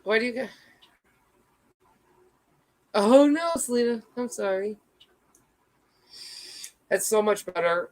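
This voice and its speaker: A woman's voice: on the high side, lively intonation, slow pace, long pauses, darkish tone, poor audio. A woman in her thirties chatting casually on a livestream, rambling, reacting to chat and swearing freely.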